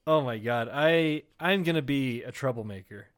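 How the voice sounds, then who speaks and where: A young adult man co-hosting a comedy podcast, cracking jokes, swearing and laughing often. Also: mid-range voice. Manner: joking, profane, quick to laugh. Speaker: podcast co-host. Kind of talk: casual comedic banter.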